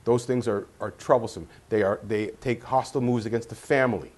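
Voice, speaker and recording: A man's voice: medium pitch, fairly even intonation, a little fast, a little mellow. A man speaking as a guest on a political panel, earnest and repeating words as he searches for them.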